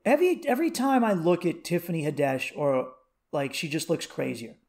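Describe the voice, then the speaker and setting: A man in his thirties hosting a comedy podcast alone, rambling through profane, animated stories and rants. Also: a little high, brisk, gravelly. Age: 30s. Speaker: podcast host. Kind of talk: comedic solo podcast rant.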